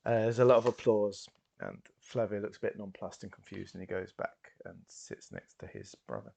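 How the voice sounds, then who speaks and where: A man narrating a tabletop role-playing game as game master, relaxed and full of fillers. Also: lowish voice, normal speed, vocal fry. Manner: relaxed storytelling with frequent fillers.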